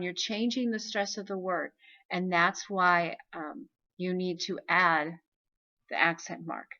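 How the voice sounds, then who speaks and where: A woman's voice: lowish voice, pushed and bright, lo-fi sound. A woman teaching a recorded video lesson, explaining patiently and checking in with frequent "okay?". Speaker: Spanish teacher.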